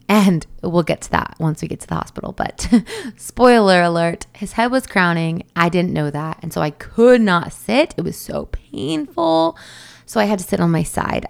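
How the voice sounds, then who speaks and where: A young woman tells her story in a loose, chatty monologue, laughing now and then and wandering into side notes. Her voice sits a touch low and has a gravelly fry. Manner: chatty, laughs often, many fillers and asides. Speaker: new mother telling her birth story.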